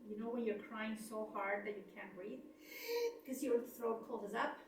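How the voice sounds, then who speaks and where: A middle-aged woman telling a personal story about layoffs, expressive, laughing often and acting out the dialogue. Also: medium pitch, unhurried, noisy background. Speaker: speaker on layoffs. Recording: echoey room, voice from a distance.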